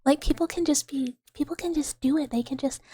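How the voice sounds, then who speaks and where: A young woman streaming whispered ASMR chat, talking softly to her viewers and giggling often at herself, close to a sensitive microphone. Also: high voice, no room sound.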